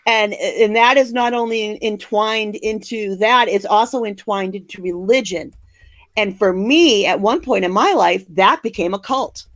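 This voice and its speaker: An older American woman co-hosts a podcast, delivering passionate opinions in a blunt, angry, emphatic way. Her voice is medium in pitch and a bit bright, with a measured pace and no room sound.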